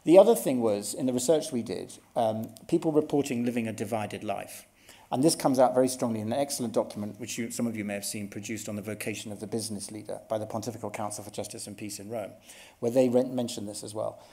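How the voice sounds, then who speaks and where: A man's voice: fairly low pitch, quick pace, mellow. A middle-aged man giving a conference workshop talk in an earnest, explanatory way, often restarting his sentences. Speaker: workshop speaker. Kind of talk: conference presentation.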